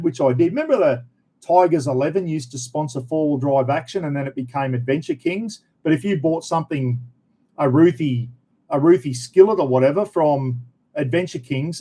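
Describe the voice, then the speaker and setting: A man's voice: on the high side, mellow, slightly rough. A middle-aged Australian man chatting casually on a live stream, answering viewers' questions in a rambling, blokey way. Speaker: channel host answering live chat.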